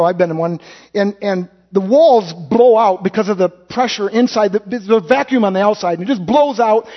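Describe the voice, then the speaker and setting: In a dull, lo-fi recording, a high-voiced pastor delivers a sermon full of folksy stories, acting out quotes along the way. He catches his own slips and corrects them, restarting as he goes.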